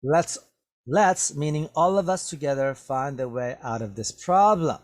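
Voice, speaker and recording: A man teaching an English vocabulary lesson, explaining words slowly and checking in with "okay?" after almost every phrase. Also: on the high side, expressive. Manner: repetitive, drawn-out explanations with many "okay?" checks. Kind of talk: slow classroom vocabulary lesson.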